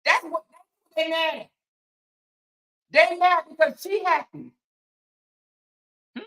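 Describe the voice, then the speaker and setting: Female host, sassy and emphatic, bright voice in a roomy space. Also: very high voice, steady tone, takes it slowly. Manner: sassy, emphatic, talks back to chat. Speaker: commentary show host. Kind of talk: casual commentary stream.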